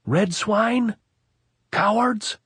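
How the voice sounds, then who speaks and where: A man's voice: a little high, sing-song, brisk, husky, dry recording, studio quality, pitched above the performer's own voice, heavily acted. A man reading an audiobook, voicing a volatile army captain who bellows insults and orders. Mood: raging shout. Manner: bellowing, ranting, taunting.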